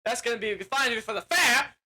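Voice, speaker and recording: A man voicing a simple, eager farmer in a loud, raised voice. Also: extremely high pitch, lively intonation, moderate pace, pitched above the performer's own voice, heavily acted.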